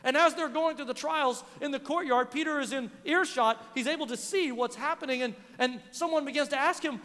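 A man preaches a sermon in a high, bright voice, telling a story and acting out the people in it. His voice rings out through a hall with a long reverb. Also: a little fast. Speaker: pastor.

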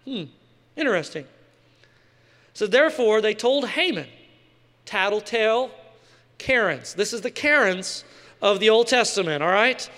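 Male pastor, casual joking sermon delivery, very high voice, long hall reverb. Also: lively intonation, a little slow, pauses often, sharp tone. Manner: casual, joking preaching with slang asides.

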